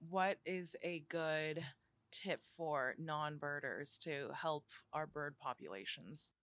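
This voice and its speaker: A woman with a low, bright voice asks curious questions during a relaxed podcast chat. Her voice is recorded close and dry. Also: slow, no echo. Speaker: podcast guest. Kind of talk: casual chat.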